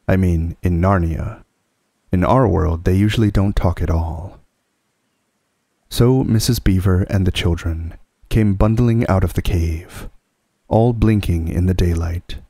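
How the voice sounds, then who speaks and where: A man reading a classic children's book aloud as a calm, soothing sleep story. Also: deep voice, dry recording.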